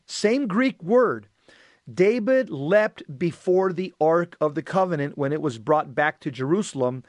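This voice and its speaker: A man's voice: on the high side, no echo. Earnest man explaining scripture, dry sound. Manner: earnest, teaching. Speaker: host.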